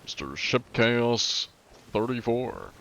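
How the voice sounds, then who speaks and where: A man's voice: medium pitch, very animated, takes it slowly, a bit bright, voice pushed up, full character voice. A man putting on a pompous anti-cheat inspector. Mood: mock-formal. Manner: stiff, mock-official politeness. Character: overly formal male anti-cheat inspector, polite, pompous. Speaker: gaming streamer.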